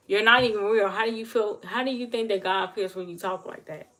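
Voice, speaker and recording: A woman's voice: medium pitch, fairly quick, fairly bright tone. A woman giving an earnest, emotional talk about faith to viewers on her livestream. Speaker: livestream host. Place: home livestream.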